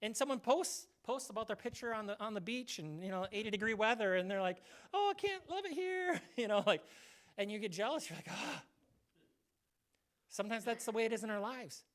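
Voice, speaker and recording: A man's voice: sits high, fast talker, few pauses, fairly bright tone. Pastor guy preaching, chatty and easygoing, acts out little bits. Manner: conversational, acts out little quoted voices. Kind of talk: sermon.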